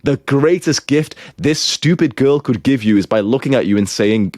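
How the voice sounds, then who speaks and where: A man's voice: mid-range voice, normal speed, darkish tone, no echo, studio quality. A young man giving blunt, crude, scolding relationship advice as a show host. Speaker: self-improvement advice host.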